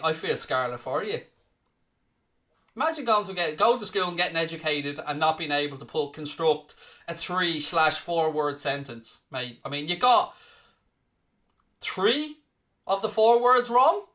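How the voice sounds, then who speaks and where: Hosting a live football watchalong, a Dublin-accented Irishman chats casually, teasing viewers and mock-scolding their comments. His voice sits high, animated, unhurried, pushed and bright. He rattles off the scores like a presenter.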